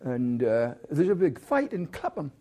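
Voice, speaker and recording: A man's voice: fairly high pitch, sing-song, measured pace, dark tone. A man giving a rambling university lecture, full of restarts, stumbles and asides.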